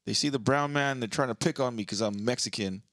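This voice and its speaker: A man's voice: mid-range voice, fast talker, fairly bright tone, no room sound, clean studio sound. A man co-hosting a casual podcast chat, crude and joking, swearing often. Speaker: podcast co-host.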